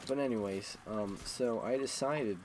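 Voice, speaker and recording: A man's voice: mid-range voice, unhurried, darkish tone, rough recording. A man streaming a game, rambling through crude, self-mocking stories in a casual storytelling way. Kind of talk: casual storytelling while gaming.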